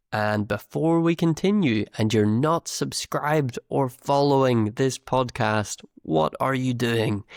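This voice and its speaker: Male English teacher, northern UK accent, unhurried and encouraging, with some vocal fry. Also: mid-range voice, no echo, clean studio sound. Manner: patient, encouraging, repeats words for learners. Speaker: English teacher, podcast host. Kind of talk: slow, clear teaching talk.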